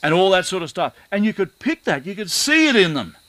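A man's voice: high-pitched, very animated, a little fast, bright, forceful tone, dry recording, poor audio. A middle-aged man, preaching a sermon and telling stories, with earnest repetition for emphasis. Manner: earnest storytelling, repeats phrases for emphasis.

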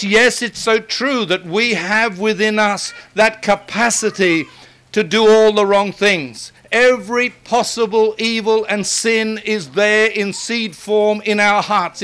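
An older man preaching a sermon, emphatic and building to forceful repetition. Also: high-pitched, clean tone.

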